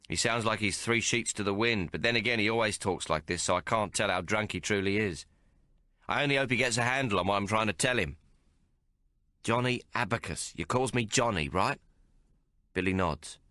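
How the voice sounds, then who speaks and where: A man narrating an audiobook in the first person, in a rough, colloquial way with dropped grammar. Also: fairly low pitch, bright, forceful tone, no echo, clean studio sound.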